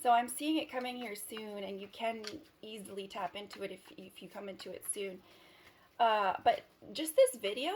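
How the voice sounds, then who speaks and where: This tarot reader talks to the camera at a moderate speed in a medium-pitched female voice. Her reading is casual and meandering, full of giggles and sentences she abandons halfway.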